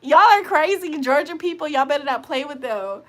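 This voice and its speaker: A woman's voice: high voice, animated, normal speed, few pauses, fairly bright tone. A woman hosting a casual livestream, joking, laughing and swearing as she reads the chat aloud. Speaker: livestream host.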